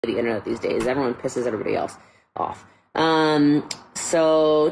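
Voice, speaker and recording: A woman with a low voice rambles casually in a vlog and keeps reaching for fillers. There is faint noise behind her. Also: normal speed, creaky, a little mellow, poor audio. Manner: rambling, chatty, full of fillers.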